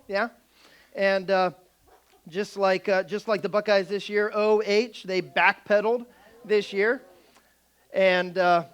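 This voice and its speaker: Animated high-voiced male pastor. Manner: animated, energetic, stammering restarts. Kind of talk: humorous sermon storytelling.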